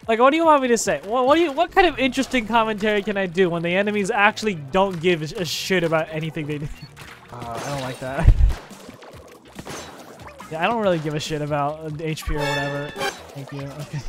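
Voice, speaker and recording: Young male gamer, excitable and sweary, higher voice, faint game music behind. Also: fast talker. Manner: excitable, swears and laughs a lot. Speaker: gaming YouTuber. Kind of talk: let's play commentary.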